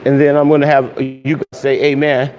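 A man serving as pastor, leading a casual online Bible study and prayer, greeting viewers with loose pauses and fillers. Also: medium pitch, little pitch movement. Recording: dull hall echo with faint hiss.

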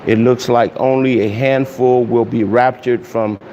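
Rambling pastor in a dull, echoey hall. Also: male voice, mid-range voice, steady tone. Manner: rambling, warm greetings, loose pauses and fillers. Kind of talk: casual online Bible study and prayer. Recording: dull hall echo with faint hiss.

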